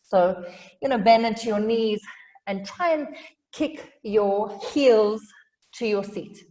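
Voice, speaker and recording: A woman teaching a yoga class, giving calm cues with light humor and sounding a little out of breath. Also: mid-range voice, slow, long reverb tail. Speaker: yoga instructor.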